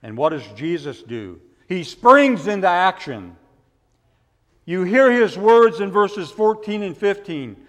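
A man preaching a sermon, asking rhetorical questions and building to forceful emphasis. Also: high-pitched, very animated, takes it slowly, big-room sound. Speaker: pastor.

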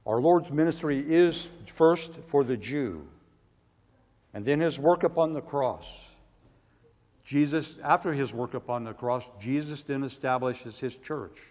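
A man preaching a sermon, swinging from loud pleading cries to hushed, quiet asides. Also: medium pitch, measured pace. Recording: long hall reverb.

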